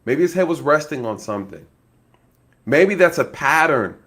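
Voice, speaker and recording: A man with a former career in law enforcement gives laid-back true-crime commentary at a normal speed, his voice a little high. Animated and quick to laugh, he keeps speaking to his viewers and acts out possible scenarios.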